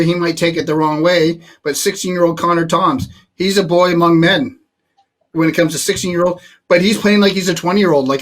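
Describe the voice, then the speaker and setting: A man's voice: on the high side, fairly bright tone. A man in his fifties hosting a sports talk show, chatting casually, stopping and restarting and cracking jokes. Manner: halting, restarts, joking.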